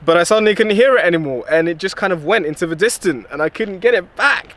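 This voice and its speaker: Young man telling stories, slightly high voice. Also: fast. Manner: relaxed storytelling with light humour. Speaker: athlete vlogger. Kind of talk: casual direct-to-camera Q&A.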